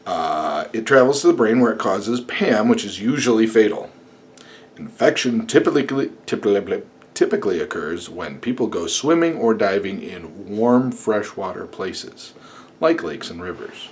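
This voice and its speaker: At home at night, a man vlogs casually, rambling, joking and swearing sarcastically as he reads notes to the camera. His lowish voice swings widely in pitch at normal speed, with a little hiss or hum in the background.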